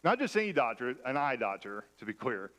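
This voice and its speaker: A man's voice: mid-range voice, sing-song, brisk, fairly bright tone. A man preaching a sermon in a church, conversational and self-deprecating as he mixes personal stories with scripture. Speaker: pastor.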